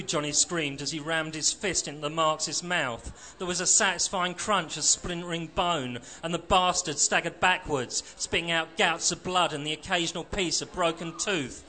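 A man, a novelist, reading aloud from his own novel in a dry, measured storytelling manner. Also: a little high, fairly even intonation, pushed and bright, slight background noise.

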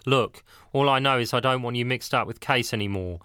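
A jealous, possessive young man from an audiobook, as the reader puts him on, his voice bright and pushing. He swings from pleading to angry demands. The sound is close and dry. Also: mid-range voice, fairly quick, clean tone, no echo, lightly acted.

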